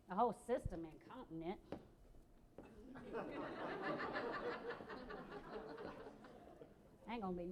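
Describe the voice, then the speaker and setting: A woman's voice: fairly high pitch, background noise. An actress playing a sassy, outspoken mother of five in a one-woman stage play, talking bluntly in streetwise slang.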